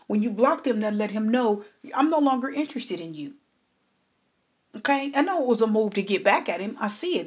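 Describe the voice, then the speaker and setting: Emphatic husky woman reading tarot. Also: mid-range voice. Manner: emphatic, repeats herself, checks in with "okay?". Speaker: tarot reader.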